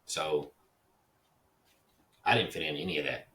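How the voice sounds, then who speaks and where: A man's voice: very deep voice, measured pace, far from the mic, heavy background noise. A man from Dallas, Texas, hosting a casual, rambling monologue, digressive and swearing casually. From Dallas, Texas (Oak Cliff). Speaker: podcast host.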